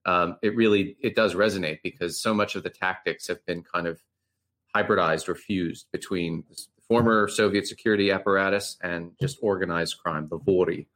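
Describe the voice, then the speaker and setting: A male journalist speaks as a podcast guest with a low voice. He talks in long, discursive stretches full of restarts and fillers. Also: fairly even intonation, normal speed, a bit bright. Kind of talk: casual interview talk.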